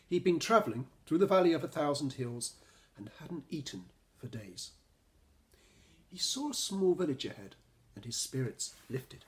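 Man slowly reading a picture book aloud. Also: a little high. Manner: expressive, slow storytelling. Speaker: children's author.

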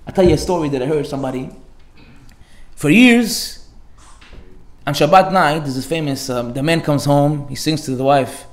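A man delivers a sermon as a rabbi. His voice sits fairly high for a man. He leans on rhetorical questions and Hebrew phrases as he tells his stories. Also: moderate pace, pauses often, echoey room. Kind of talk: Torah class sermon.

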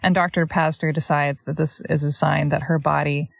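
A woman's voice: deep voice, normal speed, gravelly, dry recording. A Canadian woman co-hosting a podcast in casual chat, reading passages aloud and making sarcastic asides. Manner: sarcastic, animated, often laughing. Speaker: podcast co-host.

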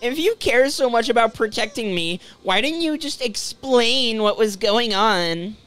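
A man's voice: very high voice, animated, a little slow, a bit bright, clear, resonant tone, voice pushed up, exaggerated voice. A man voicing a determined young woman climber in a video game, reading her lines in a raised, strained voice. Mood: pleading.

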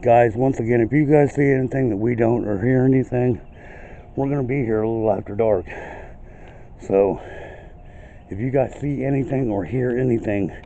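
A man's voice: medium pitch, moderate pace, pauses often, mellow, dull audio, slight background noise. A man vlogging casually from an outdoor cemetery, calling out to spirits in a raised voice as a paranormal investigator.

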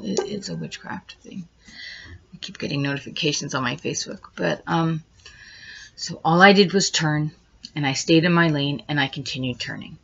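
A woman's voice: sits low, creaky, husky. A woman vlogger rambling through a first-person account step by step, growing agitated as she retells it. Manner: rambling, retraces events step by step, grows agitated. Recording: dull lo-fi recording.

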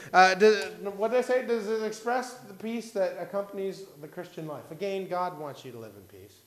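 A male pastor preaches a sermon into a microphone in church, rambling with self-mocking humor. His loudness swings from hushed asides to loud bursts, and his voice is on the high side.

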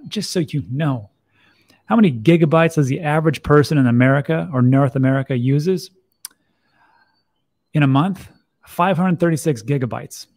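A gravelly, fry-edged man's voice, a bit higher than most men's, talking through crypto news in an offhand, wry way. He's middle-aged and loose, full of restarts and side comments. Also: darkish tone. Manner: chatty, wry asides, restarts. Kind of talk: casual commentary.

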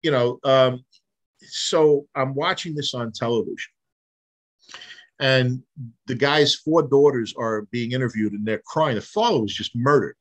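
A man's voice: mid-range voice, unhurried. A man, a private investigator telling vivid case stories in a casual interview, acting out the dialogue. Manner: animated storyteller, acts out quoted dialogue, frequent restarts.

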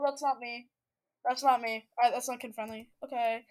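A woman commenting on her own gameplay in a silly, excitable way that breaks into shrieks and shouts. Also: on the high side, moderate pace. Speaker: gaming video creator. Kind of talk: let's play gameplay commentary.

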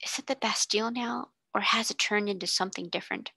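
A woman's voice: fairly high pitch, animated, moderate pace, bright, forceful tone, dry recording, voice pushed up. A woman voicing a timid young servant girl who whispers in breathless wonder. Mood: awed whisper.

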